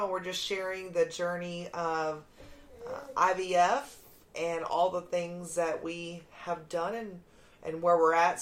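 A woman's voice: medium pitch, reverberant. A young adult woman hosting a casual chat show, playful and teasing, laughing often. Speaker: podcast host.

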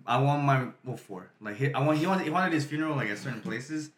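A man's voice: medium pitch, fairly quick, fairly bright tone, reverberant. A young man joking and swearing through casual podcast chat with friends. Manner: profane, joking banter. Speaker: podcast co-host.

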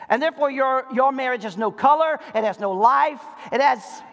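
Brief: middle-aged male pastor, very high voice, preaching with rhetorical questions, sanctuary reverb. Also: normal speed, few pauses. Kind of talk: sermon. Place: church sanctuary. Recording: reverberant church hall.

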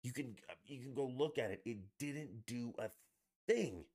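A man's voice: mid-range voice, animated, moderate pace, darkish tone. A man hosting a podcast, ranting in a blunt, profane and sarcastic way. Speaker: podcast host. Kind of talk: angry political rant.

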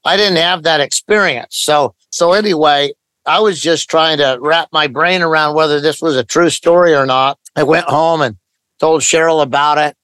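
An older man from Idaho speaks in a slightly high, light voice, unhurried and matter-of-fact as he recounts a story. He often quotes other people's dialogue as he goes. The recording is close and dry, with almost no room sound. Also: fairly even intonation, fairly bright tone, no room sound, low-quality recording. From Idaho, USA. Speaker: pastor, guest. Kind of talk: storytelling in a podcast interview.

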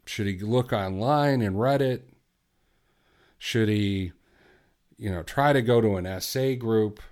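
Slow-talking impassioned male podcast host. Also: fairly low pitch. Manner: blunt, exhorting, rising from quiet to fervent. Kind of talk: impassioned solo podcast talk.

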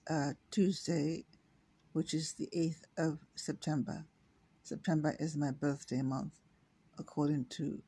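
A woman in her sixties from Ireland, reading her own story aloud in a slow, halting way with small self-corrections. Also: low-pitched, warm tone, husky. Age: 60s.

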